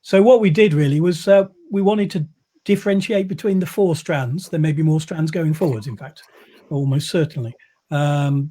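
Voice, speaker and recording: A man's voice: on the high side, dark tone, slightly rough. A man, a publisher, chatting casually on a video call in a wry, rambling way with many fillers. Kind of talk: casual chat.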